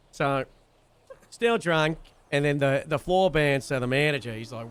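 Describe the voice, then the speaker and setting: Animated young man telling a story. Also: on the high side, moderate pace, clean tone. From Wales. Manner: animated, swears freely. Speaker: streamer. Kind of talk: casual storytelling.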